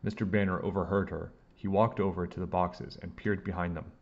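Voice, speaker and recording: A man reading a children's book aloud with expressive delivery. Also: deep voice, brisk, creaky, dull audio. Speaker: storybook reader.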